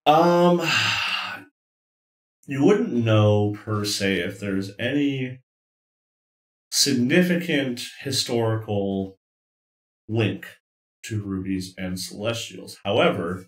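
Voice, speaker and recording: A man running a tabletop game as game master, explaining rulings in a relaxed way with pauses. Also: fairly low pitch, reverberant, poor audio.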